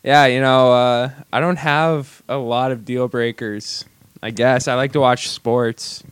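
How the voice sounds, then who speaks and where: A man's voice: steady tone, unhurried, clear, resonant tone, no room sound. A man in his thirties, co-hosting a casual comedy chat, joking and swearing freely. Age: 30s. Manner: joking, swearing, slips into mocking high voices. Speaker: podcast co-host.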